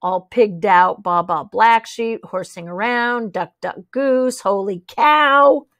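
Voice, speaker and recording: A woman voicing an eager, chatty young schoolgirl with an excited, squeaky manner. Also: no room sound, clean studio sound. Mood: eager girl. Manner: excited and squeaky, quick to whine.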